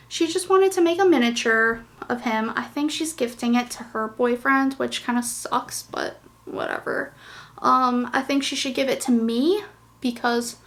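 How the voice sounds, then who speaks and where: A woman's voice: high voice, vocal fry, a bit bright. A woman hosting a knitting podcast, chatting casually and gushing, with lots of fillers. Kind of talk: casual chat.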